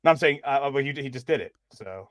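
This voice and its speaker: A man's voice: medium pitch, lively intonation, brisk, dry recording. A man in a casual film review chat, sharing trivia in a hesitant way with fillers.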